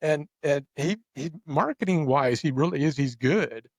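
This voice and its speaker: A man's voice: a little high, moderate pace, dry recording. Man telling a rambling backstage story. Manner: rambling, animated, repeats words when starting sentences. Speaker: podcast host. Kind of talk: casual storytelling chat.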